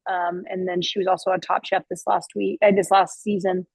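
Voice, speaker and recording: In a husky, gravelly, lowish voice, a barbecue restaurant owner and chef chats a little fast in a level tone, restarting often, using fillers, and sometimes swearing casually. She's telling stories in a casual interview at her restaurant. The recording is dry and poor.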